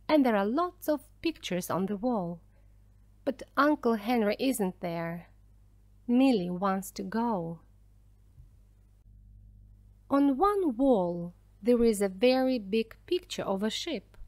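Woman narrator, storybook for learners, slow and careful, lively pitch, dry close sound. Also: no room sound. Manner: slow, clear, careful reading. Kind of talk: scripted narration for language learners.

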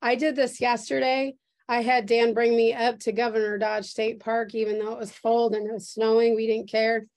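During a church service streamed over a video call, a woman pastor delivers a prophetic sermon in a fairly high, darkish voice. She speaks unhurriedly with earnest emotion, returning again and again to the same phrases.

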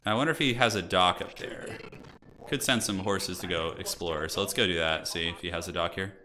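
Young guy streaming a strategy game, lowish voice but bright, rambling as he plays. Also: brisk, slight background noise. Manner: chatty, thinks aloud, frequent restarts. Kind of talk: casual gameplay commentary.

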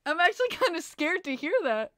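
A young woman with a New York accent, chatting casually with her live-stream audience as host, excitable and profane, laughing often. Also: very high voice, a little fast, dry recording, studio quality.

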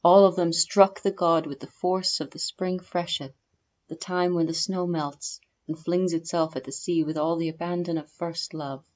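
Brief: female audiobook narrator, deep low register, steady storytelling pace, dull lo-fi sound. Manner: measured storytelling delivery.

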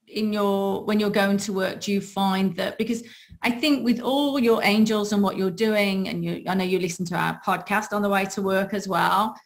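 A woman's voice: mid-range voice, fairly even intonation, normal speed, creaky. Affirming woman hosting a spiritual podcast. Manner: reflective, affirming, talks of energy and angels. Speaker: podcast host. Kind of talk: spiritual conversation.

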